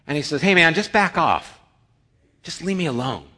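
A middle-aged male pastor preaching a sermon, telling personal stories and acting out the dialogue with rising excitement. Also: fairly high pitch, normal speed.

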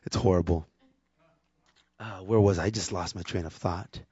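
The speaker, a preacher and worship leader, gives a conversational, candid sermon and voices the quotes he acts out with liveliness. His low, husky voice moves at normal speed, with no echo in the dull, dry lo-fi audio.

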